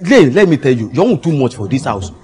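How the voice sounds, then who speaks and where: A man's voice: mid-range voice, very animated, a little fast, a little mellow, close to an everyday voice. A man with a Nigerian Pidgin accent playing a mocking male domestic worker who jeers in a sing-song way. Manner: jeering, sing-song mockery.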